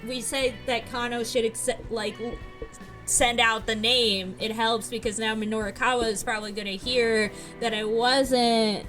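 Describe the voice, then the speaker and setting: Give me an animated young woman narrating a story game with excited asides, with clear background music. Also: on the high side, normal speed. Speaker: let's play host and narrator. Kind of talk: reading a visual novel aloud and chatting.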